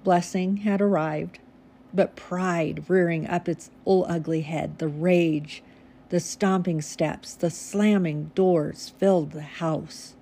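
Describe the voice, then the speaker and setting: A woman telling a devotional story in an earnest, soft way, sometimes dropping to near-whispers. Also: lowish voice, steady tone, slow. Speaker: christian devotional speaker. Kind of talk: scripture-based devotional storytelling.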